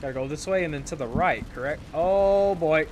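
A man's voice: fairly high pitch, fast, highs cut off, a little hiss or hum. A man giving casual, jokey commentary over his own gameplay, talking to his viewers, repeating phrases and swearing when things go wrong. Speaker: gameplay streamer.

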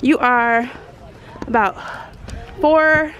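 Speaking extremely slowly in a high-pitched voice, a vlogger in her thirties records a relaxed family video on a farm with a handheld phone. She's playful and upbeat, joking throughout while loud music plays behind her.

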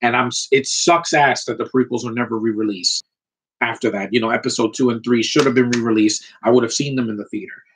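A man's voice: mid-range voice, fairly even intonation, fairly quick, a little hiss or hum. A man in his thirties showing off his collectibles on camera, talking in an opinionated, rambling way with plenty of mild swearing. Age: 30s. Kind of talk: casual ranting vlog.

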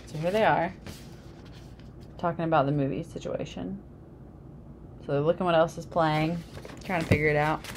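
A woman's voice: sits low, fairly even intonation, moderate pace, long pauses, slight background noise. A woman reading a children's picture book aloud, adding casual asides about the pictures. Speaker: storybook reader.

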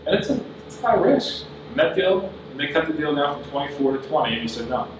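A man's voice: on the high side, big pitch swings, fast. A man giving a business talk at a conference, earnest and plain-spoken as he advises the audience. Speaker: conference speaker. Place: large conference room. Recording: very echoey hall, voice from far off, audible noise.

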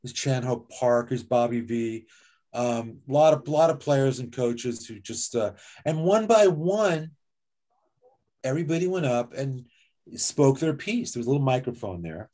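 A man speaking as an author and guest speaker, telling lively personal anecdotes in a conversational way over slides, with many casual fillers. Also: mid-range voice, unhurried. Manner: conversational, lively, with frequent "like" and "you know". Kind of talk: anecdotal storytelling talk with slides.

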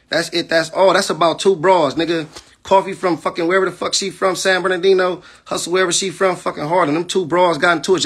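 A man delivers a defiant, profane livestream rant as a battle rapper. His voice sits high for a man and has a husky edge. He talks aggressively and keeps checking in with his listeners. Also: pushed and bright. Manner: keeps asking "you know what I'm saying".

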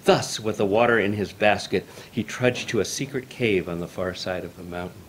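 A man reading a traditional folk tale aloud in a measured, formal storytelling manner. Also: lowish voice, slight background noise.

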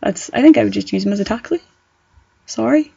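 A young woman co-hosting a podcast, chatting in a giggly, excitable and playful way. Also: mid-range voice, a little fast, gravelly, breathy edge, no echo. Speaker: podcast co-host. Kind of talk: casual chat. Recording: dry, dull lo-fi sound.

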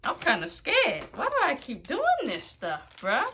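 A woman YouTuber hosting a casual food challenge vlog, talking nervously and exclaiming loudly. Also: mid-range voice, wildly swooping pitch, unhurried, few pauses, slight background noise.

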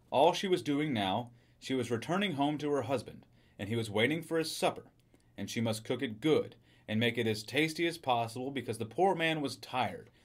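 A man reading a short story aloud in a steady, even storytelling manner. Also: mid-range voice. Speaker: reader.

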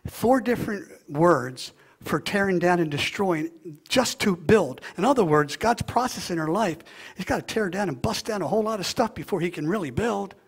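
Male pastor, high gravelly voice, preaching, drops to hushed tones then builds to loud fervor. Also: lively intonation, normal speed. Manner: swings from hushed near-whisper to loud impassioned preaching. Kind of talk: sermon.

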